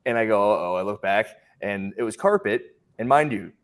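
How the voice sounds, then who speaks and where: A man co-hosting a podcast, telling stories in casual chat and acting out other people's lines in an animated way. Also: on the low side, fairly quick. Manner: animated, acts out voices in his stories. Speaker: podcast co-host.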